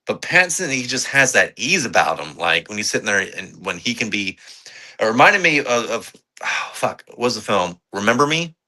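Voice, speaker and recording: A podcast co-host, a man with a lowish voice and a sharp, forceful tone. He reviews films in loose, excitable chat, swearing and rambling along with plenty of fillers. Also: normal speed. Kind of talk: casual movie review chat.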